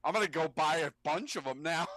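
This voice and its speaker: A man's voice: fairly high pitch, expressive, normal speed, pushed and bright, no room sound. A man co-hosting a casual podcast chat, emphatic and full of swearing. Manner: profane, emphatic. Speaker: podcast co-host.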